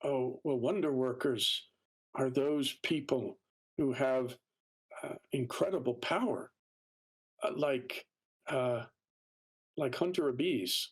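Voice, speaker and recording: A man voicing a curious young rodent-folk village girl in a tabletop game, speaking haltingly. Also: medium pitch, slightly rough.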